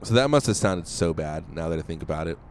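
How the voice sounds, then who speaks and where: A man's voice: sits low, expressive, fast talker, slight background noise. A man cohosting a podcast, rambling casually and laughing easily. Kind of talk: casual chat.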